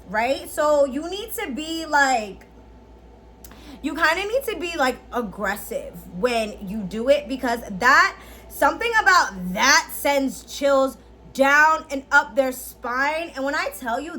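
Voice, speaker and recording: Young woman vlogger, high-pitched, chatty and animated, slangy casual delivery. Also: slight background noise. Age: 20s. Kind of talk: casual tutorial chat.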